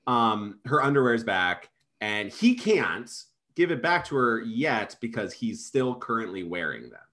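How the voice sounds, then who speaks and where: Incredulous man with lively intonation. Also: mid-range voice, measured pace. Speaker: podcast co-host reviewing a film. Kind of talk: casual chat.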